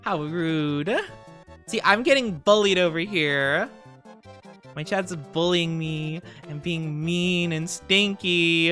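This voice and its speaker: A man's voice: high-pitched, slow, pushed and bright, soft background music. A man streaming as a VTuber, chatting casually with viewers, greeting them sweetly and playing up mock offense when teased. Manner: playful, mock-offended teasing. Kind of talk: casual livestream chat.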